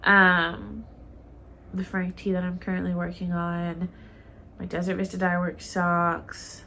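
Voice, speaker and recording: A woman's voice: lowish voice, little pitch movement, slow pace, creaky, sharp tone, a little hiss or hum. A woman co-hosting a knitting podcast, chatting casually and rambling with lots of fillers, a bit stuffy in the nose. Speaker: podcast co-host.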